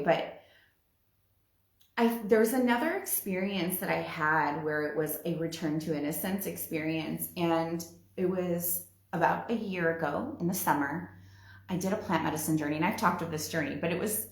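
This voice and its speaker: A woman giving a reflective spiritual talk, speaking softly and from the heart, with a tender, emotional edge. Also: sits low, reverberant. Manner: slow, soft and heartfelt, growing emotional.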